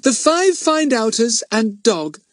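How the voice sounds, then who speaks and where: A man voicing a cheerful, excitable young woman in a storybook, speaking in a gushing, drawn-out way. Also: very high voice, no room sound, clean studio sound, voice pushed up, heavily acted.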